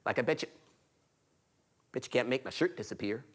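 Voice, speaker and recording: A man's voice: medium pitch, expressive, brisk, fairly bright tone, pitched below the performer's own voice. A male storyteller voicing a cheeky, playful trickster boy in a folktale.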